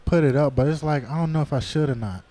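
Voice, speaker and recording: A man's voice: a little high, fast talker, mellow. A man who produces tracks, co-hosting a music stream, hesitant and repeating himself. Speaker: producer and co-host. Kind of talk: casual stream chat.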